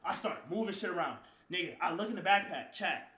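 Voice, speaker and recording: Streamer man, bright high voice, profane rambling storyteller, echoey room. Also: lively intonation, fairly quick. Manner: profane, slang-heavy, rambling, bursts into shouting. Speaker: live streamer. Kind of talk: casual storytelling to stream chat.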